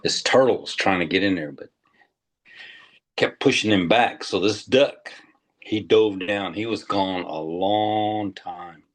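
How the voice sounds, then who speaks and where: An older man, a tribal historian, telling a legend slowly and deliberately to an audience, with pauses. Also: low voice. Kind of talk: storytelling talk.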